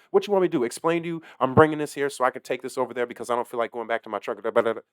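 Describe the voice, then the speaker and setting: A man who works as a delivery driver, ranting casually to camera, heated and swearing heavily, swinging between low muttering and loud outbursts. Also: animated, racing, no echo, clean studio sound. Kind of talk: casual profane rant to camera.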